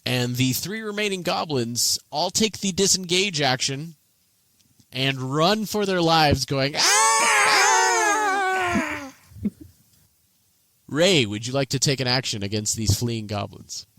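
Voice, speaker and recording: A man narrates a tabletop game as its game master, his voice rising and falling with lots of movement. The tone is bright and forward, recorded close and dry with no room sound. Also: medium pitch, measured pace, no echo. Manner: animated, playful narration.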